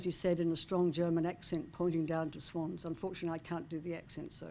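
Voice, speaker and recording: A woman's voice: low-pitched, flat delivery, quick pace, dark tone. A woman in her seventies giving a prepared speech as an author at a book launch, heartfelt and affectionate with wry humour. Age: 70s.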